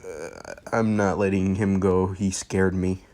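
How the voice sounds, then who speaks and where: A man voicing an upset teenage girl who clings to her boyfriend, in a quiet, low-key delivery. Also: fairly even intonation, slow pace. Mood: tearful.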